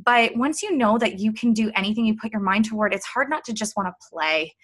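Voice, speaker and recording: Canadian woman, coach, casual guest, bright tone, chatty with fillers. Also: medium pitch, animated, a little fast. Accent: Canadian, near Detroit. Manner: chatty, reflective, frequent fillers and laughter. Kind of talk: casual conversational interview.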